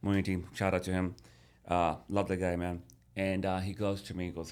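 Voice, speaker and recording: A man in his thirties speaks as a podcast guest, with a fairly low voice. He tells his story casually and animatedly, repeating words and restarting often. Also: level tone, brisk, a little mellow, clean tone.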